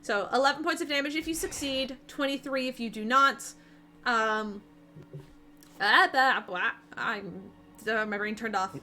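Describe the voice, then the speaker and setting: A woman running a tabletop game over a voice call, her voice high and bright. She narrates scenes in a loose, descriptive way with fillers and restarts along the way. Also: measured pace, slight background noise. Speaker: game master. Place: home, online voice call.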